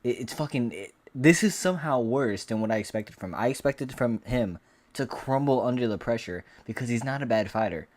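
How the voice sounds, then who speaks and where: A man's voice: medium pitch, animated, brisk. A man giving a casual fight recap rant as an MMA commentator, profane, boastful and rambling.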